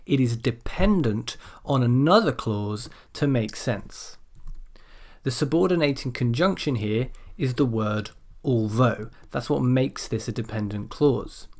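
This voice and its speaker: A man's voice: mid-range voice, animated, a little slow, darkish tone. Man explaining grammar in a lecture. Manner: explanatory, demonstrates intonation with example sentences. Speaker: English exam teacher. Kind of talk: recorded video lecture.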